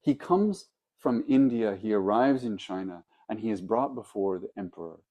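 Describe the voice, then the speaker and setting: A man, a Zen teacher, giving a dharma talk, telling stories in a reflective way with pauses. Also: lowish voice, animated, mellow.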